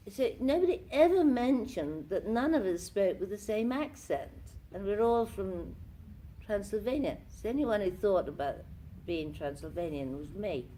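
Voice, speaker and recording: An older actress, a guest at a convention interview, tells theatrical anecdotes and acts out the lines she quotes. Her voice is medium-pitched, expressive and slightly mellow, at a normal speed.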